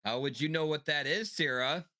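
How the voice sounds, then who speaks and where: A man's voice: a little high, moderate pace. A man playing in a tabletop game, joking and chatting casually. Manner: joking, animated. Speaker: player.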